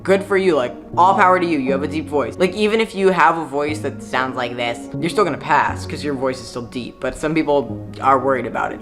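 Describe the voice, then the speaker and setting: A man talking frankly in a casual vlog, chatty and full of filler words. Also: fairly high pitch. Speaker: YouTuber. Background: background music.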